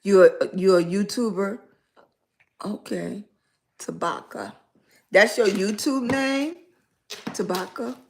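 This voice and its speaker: Slow-talking raspy Southern woman. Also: mid-range voice. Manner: rambling, chatty, greets viewers by name. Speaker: lifestyle blogger live streaming. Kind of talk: casual livestream chat.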